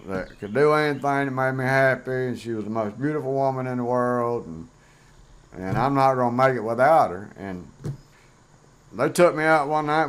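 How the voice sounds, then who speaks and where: A middle-aged man talking bluntly and plainly in a casual vlog monologue, rambling with fillers. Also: medium pitch. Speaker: vlogger host.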